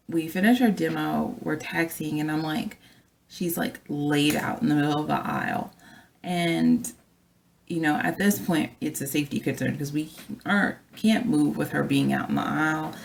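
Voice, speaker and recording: Low, gravelly-voiced woman telling a story. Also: a little hiss or hum. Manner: chatty, animated, addresses viewers directly. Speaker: flight attendant. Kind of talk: casual storytelling vlog.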